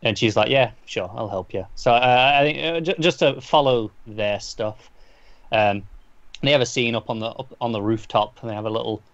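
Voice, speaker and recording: A man's voice: mid-range voice, normal speed, a bit bright, no echo. A man co-hosting a podcast, casually recapping a comic book in a rambling way, full of restarts and fillers. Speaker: podcast co-host. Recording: dull lo-fi dry sound.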